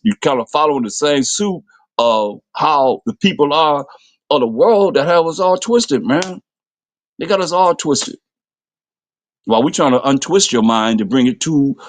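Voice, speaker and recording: Fiery preacher man with a dry sound. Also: no echo. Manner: impassioned, rhetorical questions, voice jumps high when mocking. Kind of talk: fiery street-style scripture sermon.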